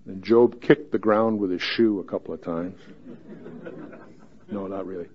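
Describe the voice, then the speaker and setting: A man's voice: on the low side, fairly even intonation, unhurried, highs cut off. A man giving a verse-by-verse Bible teaching in a folksy, joking way, reading scripture aloud with rising emphasis.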